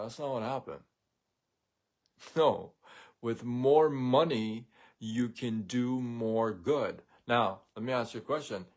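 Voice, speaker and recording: A man hosting a live show, talking in a blunt, sarcastic, opinionated monologue. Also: mid-range voice. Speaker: host of a daily live show. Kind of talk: casual monologue rant.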